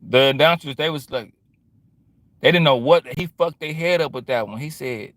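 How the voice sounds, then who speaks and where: A slightly fast, bright and pushed voice on the high side belongs to a male vlogger in a dry recording. In his casual, rambling monologue he uses plenty of streetwise slang and keeps lapsing into quoting other people.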